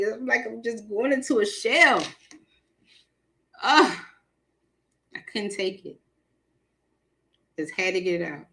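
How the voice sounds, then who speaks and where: A woman hosting a live tarot stream, chatting casually with viewers, animated and laughing often, with features. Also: mid-range voice. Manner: animated, laughs often, talks to the chat directly.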